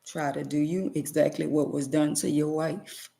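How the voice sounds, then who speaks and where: A woman's voice: sits low, steady tone, normal speed, vocal fry, mellow. A middle-aged woman vlogger giving an emotional personal testimony to her viewers, emphatic and preachy, repeating phrases for stress.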